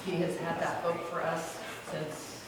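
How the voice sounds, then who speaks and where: A woman's voice: lowish voice, flat delivery, measured pace. Chatty woman teacher, far off in an echo. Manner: chatty and offhand, with asides. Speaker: classroom teacher. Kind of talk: informal talk to parents at an open house. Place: echoey room with a crowd. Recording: distant echoey recording with a crowd behind.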